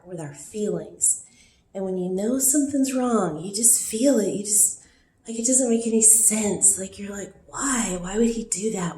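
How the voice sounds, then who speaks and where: Teary, slow-talking woman in an echoey room. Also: medium pitch, mellow. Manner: raw and rambling, with throat-clearing and rueful laughs. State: teary, voice worn from crying. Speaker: vlogger. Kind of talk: emotional personal vlog confession.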